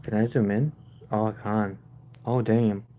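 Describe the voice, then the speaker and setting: A woman streaming casually from home, cooing and calling out excitedly to her cat. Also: extremely low pitch, a little slow, highs cut off, slight background noise. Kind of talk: casual live-stream chat.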